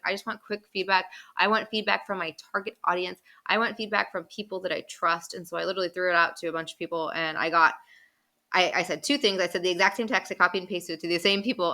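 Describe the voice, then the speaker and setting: A woman vlogging from her home office in a casual, excited chat, full of fillers and calling her viewers "you guys". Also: medium pitch.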